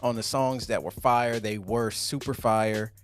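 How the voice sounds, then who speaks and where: A man's voice: on the low side, unhurried, faint music behind. A man co-hosting a podcast, giving blunt, opinionated album verdicts in casual chat. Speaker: podcast co-host.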